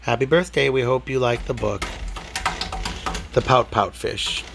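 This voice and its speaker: A man reading a rhyming picture book aloud to a child, with expressive, rhythmic delivery. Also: medium pitch, unhurried, gravelly, background noise. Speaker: storybook reader.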